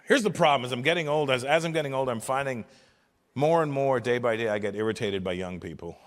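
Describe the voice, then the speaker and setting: A man in his fifties from Canada doing stand-up comedy with profane, animated, exasperated ranting. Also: medium pitch, quick pace, big-room sound. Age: 50s.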